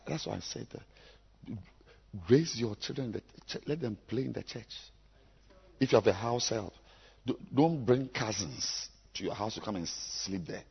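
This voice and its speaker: A man preaching a sermon to his congregation, emphatic and repetitive, with sudden loud bursts. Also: lowish voice, vocal fry, husky. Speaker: pastor. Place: church. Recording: echoey church hall, dull lo-fi sound.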